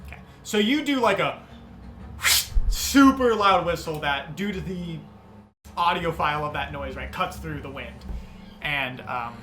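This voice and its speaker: A young man narrating as game master, describing scenes in an animated, rambling way with many fillers. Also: on the high side, normal speed, slight background noise. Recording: music under the voice.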